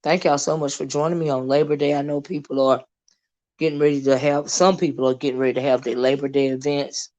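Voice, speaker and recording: A hoarse woman, hosting a casual livestream, greeting viewers and chatting with many fillers and asides. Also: sits low, level tone, fast, warm tone, dull audio. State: hoarse, lost her voice. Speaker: livestream host.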